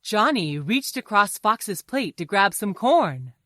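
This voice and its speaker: A woman reads a children's story aloud, her pitch swooping in a lively sing-song. Her tone is bright and clear, and she takes an unhurried pace, recorded dry and close. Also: no room sound. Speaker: storybook narrator. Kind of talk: scripted children's story reading.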